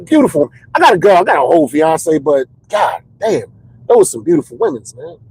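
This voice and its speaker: A man's voice: fairly high pitch, very animated, brisk, a little mellow, breathy edge, dry recording, poor audio. A stand-up comedian telling candid, rambling comedic stories in casual chat, repeating words as he builds the jokes.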